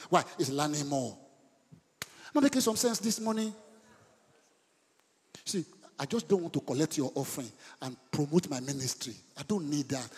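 A middle-aged Nigerian man preaches a sermon in a high, husky voice that carries a long reverb through the church hall. He swings from hushed asides to sudden loud bursts. He repeats words for emphasis. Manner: dramatic swings between soft asides and loud outbursts; code-switches mid-sentence, repeats words for emphasis. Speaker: pastor.

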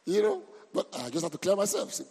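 Husky pastor preaching. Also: male voice, sits high, quick pace. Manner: animated preaching, repeats words, asks the congregation questions. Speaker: senior pastor. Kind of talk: sermon. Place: church hall. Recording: reverberant church hall.

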